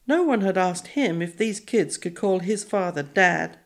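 Female audiobook narrator, measured, slightly low voice. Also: lively intonation. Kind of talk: scripted narration.

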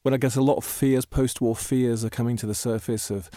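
A man's voice: mid-range voice, steady tone, fairly quick, dark tone. A man interviewing a guest, thinking aloud and ending his points with "right?". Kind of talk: conversational interview questions.

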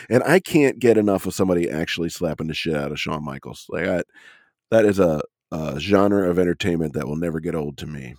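A man's voice: sits low, animated, a little fast, a little mellow, no room sound, studio quality. A man co-hosting a podcast, joking in a laid-back way about a wrestling match. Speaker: podcast co-host. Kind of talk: casual chat reviewing a wrestling match.

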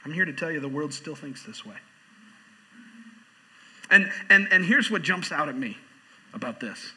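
A man's voice: a little high, expressive, moderate pace, pushed and bright, husky, poor audio. A man pastor preaching a sermon in church, repeating phrases for emphasis and reading a quote aloud.

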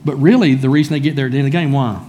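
A man's voice: mid-range voice, racing, dark tone, slight background noise. A man preaching a sermon in a church, speaking conversationally and calling on listeners by name. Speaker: pastor.

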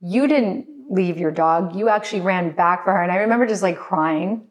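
Speaking at normal speed in a fairly low voice, a podcast guest tells a frightening story from her life. She's tearful and apologetic, sometimes crying, and keeps restarting.

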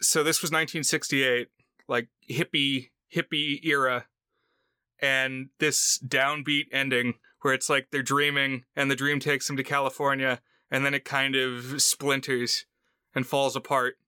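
A man with a bright, smooth voice talks films on a podcast. The sound is dry and close, and his manner is relaxed with dry jokes. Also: medium pitch, unhurried, no room sound. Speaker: podcast co-host. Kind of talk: casual film chat.

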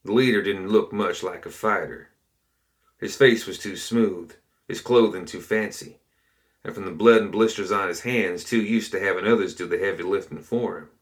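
A man reading a story aloud in a steady, measured narration. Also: deep voice. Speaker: audiobook reader.

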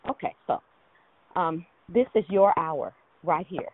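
A woman's voice: lowish voice, a little slow, no echo. A woman leading a prayer call, out of breath, speaking in an emphatic, encouraging way. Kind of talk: spirited prayer ministry on a call. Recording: tinny phone line.

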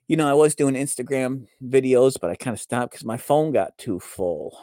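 A man's voice: mid-range voice, lively intonation, normal speed, few pauses, mellow, dry recording, clean studio sound. A man in his forties hosting a live show, rambling casually with many fillers and restarts. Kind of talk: casual live-stream monologue.

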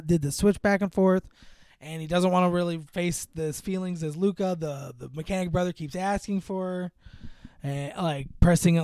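High-voiced man rambling through a movie plot. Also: darkish tone, smooth, dry recording, studio quality. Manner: rambling storytelling with many fillers, acting out characters' lines. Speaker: podcast co-host recapping a movie. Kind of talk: casual chat.

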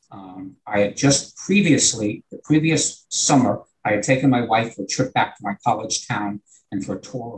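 A man's voice: on the low side, poor audio. An older man with a New York accent, a retired teacher telling a long, earnest anecdote in conversation. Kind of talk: conversational storytelling.

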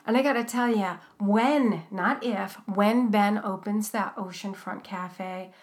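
A woman's voice: medium pitch, slow. A woman co-hosting a podcast, chatting casually and recapping a TV cooking show, with many fillers and restarts. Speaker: podcast co-host.

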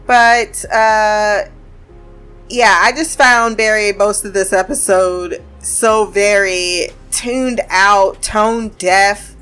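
A woman's voice: medium pitch, takes it slowly, a bit bright, clear, resonant tone, soft background music. A woman casually recapping a TV episode, chatting and laughing often as she acts out lines from the scenes.

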